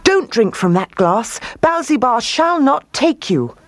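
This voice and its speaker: A woman's voice: on the high side, sing-song, a little slow, no room sound, pitched above the performer's own voice. A woman voicing a brave young stable boy who gives urgent commands, in a storybook reading. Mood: commanding.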